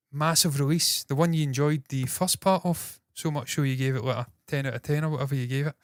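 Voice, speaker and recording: A Scottish man hosting entertainment news in casual solo commentary, talking fast with a slightly nasal voice, swearing freely and mocking himself. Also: mid-range voice, steady tone, dry recording, studio quality. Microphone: processed with equalizers, compression and noise gate.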